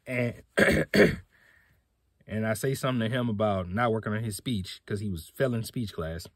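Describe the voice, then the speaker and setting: A man's voice: lowish voice, expressive, normal speed, no room sound, clean studio sound. A young man hosting a podcast, telling a personal story in a laid-back, slangy way. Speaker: podcast host. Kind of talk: casual storytelling.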